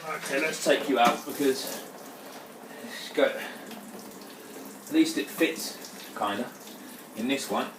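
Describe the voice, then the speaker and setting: Sweary home brewer, roomy and distant. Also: male voice, medium pitch, slow, long pauses. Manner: chatty, sweary, prone to exclamations. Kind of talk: casual brew-day vlog commentary. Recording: roomy, distant mic, faint background noise.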